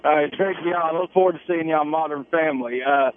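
A man's voice: on the high side, fast. A man with a Southern American accent from North Carolina, calling in to a radio show, polite and hesitant with many fillers. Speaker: caller. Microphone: telephone. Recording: dull, lo-fi phone line.

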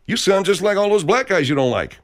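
A furious man rants and swears nonstop, his voice sitting fairly high and swinging widely up and down. He jabs with sarcasm and keeps up a heated, biting attack. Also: sing-song, fast talker. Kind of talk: angry profane rant.

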